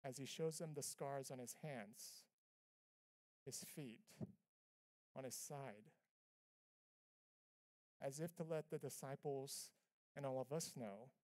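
A man preaching a sermon as pastor, telling a personal story with earnest, conversational delivery, swinging between soft and loud passages. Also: medium pitch, takes it slowly, long pauses. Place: church sanctuary.

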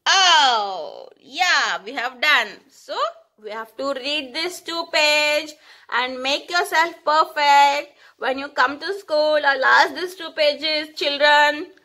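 A woman teaching preschool children, saying each word slowly and repeating it for them to echo. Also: high voice, sharp tone. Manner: slow, sing-song, repeating words for children to echo. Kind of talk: recorded lesson for young children.

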